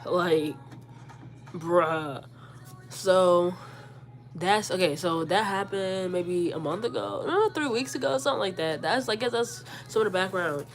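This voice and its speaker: A vlogger in her forties, sick and congested, animatedly retells an argument in a storytime vlog, quoting both herself and her mother and repeating words. Her voice is medium-pitched at a normal speed, with a little hiss or hum in the recording.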